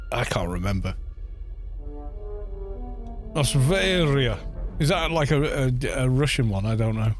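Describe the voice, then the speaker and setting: A man's voice: medium pitch, lively intonation, unhurried, long pauses, faint music behind. A middle-aged man with a Welsh accent, chatting and joking with his viewers while streaming a game, often stumbling over his words. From Wales. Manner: chatty, jokey, answers chat with stumbles and laughs. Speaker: gaming streamer.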